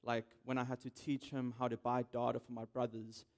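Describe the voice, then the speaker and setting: A man's voice: medium pitch, monotone, brisk, darkish tone. Young man, organizer, welcome speech, hesitant, ums. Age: young adult. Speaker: event organizer giving welcome. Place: conference stage.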